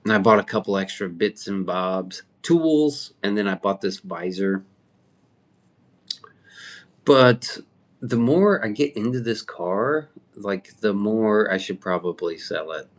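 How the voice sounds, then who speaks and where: A man's voice: on the low side, slow. A man chatting casually on his livestream, rambling and swearing as he answers viewer comments. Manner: rambling, profane, answers chat. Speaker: livestream host.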